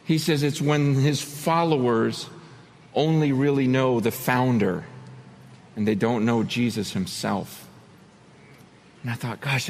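A man's voice: high voice, creaky, in a large hall, poor audio. A man preaching a sermon in an earnest, conversational way, often acting out quoted words. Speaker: pastor.

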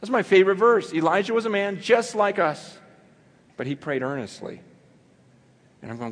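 A man preaching with fervent energy, his fairly high voice climbing toward near shouts before falling back to a low, confiding tone. A long reverb trails every phrase, as in a large church hall. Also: normal speed. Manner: impassioned, building to near shouts then dropping low. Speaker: pastor. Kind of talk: sermon.

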